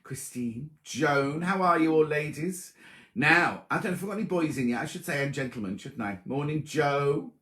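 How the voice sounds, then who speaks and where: A man's voice: a little high, lively intonation, normal speed, a bit bright. A man hosting a sewing livestream, chatting casually and teasing as he greets viewers by name. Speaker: sewing show host. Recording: roomy echo.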